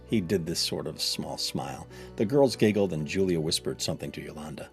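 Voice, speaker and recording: Deep-voiced man reading a kid's story. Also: a little fast, gravelly, soft background music. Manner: chatty, kid-like storytelling voice. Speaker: narrator. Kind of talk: first-person storybook reading.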